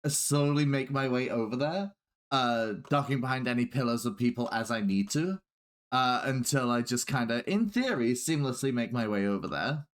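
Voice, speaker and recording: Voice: medium pitch, lively intonation, moderate pace. Rambling player scheming a sneaky plan. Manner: rambling, lays out plans at length. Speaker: player, rogue. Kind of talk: tabletop game play.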